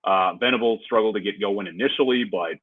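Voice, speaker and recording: Male podcast co-host, animated sports talker, low husky voice, dry phone-quality sound. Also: fairly quick, dry recording. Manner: animated, laughs easily, restarts often. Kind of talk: casual sports chat. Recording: tinny phone-like line.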